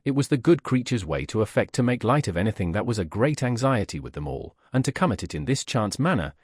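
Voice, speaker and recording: A man narrating a classic novel as an audiobook, in a measured, expressive reading. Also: lowish voice, slightly rough, no room sound, studio quality.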